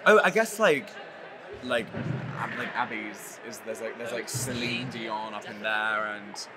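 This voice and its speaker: A man's voice: lowish voice, a little slow, very noisy. A man, a musical's co-writer, chatting casually in an interview, rambling with lots of "like". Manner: rambling, heavy use of "like".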